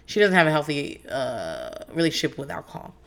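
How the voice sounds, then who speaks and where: A woman in her thirties or forties recaps reality TV in a candid, profane, rambling style, filling her talk with lots of fillers. Her podcast-host voice is low-pitched and gravelly yet fairly bright, moving at a brisk, sing-song clip.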